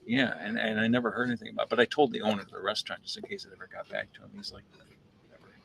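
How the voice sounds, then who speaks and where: A man's voice: lowish voice, very fast, vocal fry, a little hiss or hum. A man who roasts coffee, telling a casual story, acting out quotes and repeating words as he thinks. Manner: animated anecdote with acted-out quotes. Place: coffee shop.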